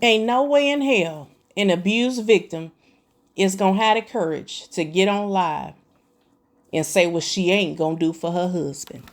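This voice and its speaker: A woman's voice: medium pitch, measured pace. A woman hosting a commentary video, sassy and slangy, addressing her viewers as "y'all.". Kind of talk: casual reaction commentary.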